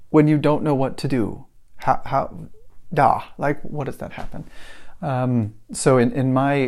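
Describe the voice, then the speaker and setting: Gravelly man hosting a solo podcast. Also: medium pitch, a little mellow. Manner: rambling, restarts often, talks himself through examples. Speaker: podcast host. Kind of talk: casual solo podcast talk. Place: at his desk.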